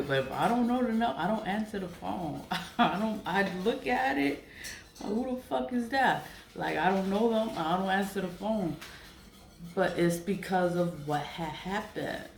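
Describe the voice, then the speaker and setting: Female vlogger, lower voice, blunt and profane rant, echoey room with faint background hum. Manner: blunt, profane, repeats herself for emphasis. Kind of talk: casual rant to camera.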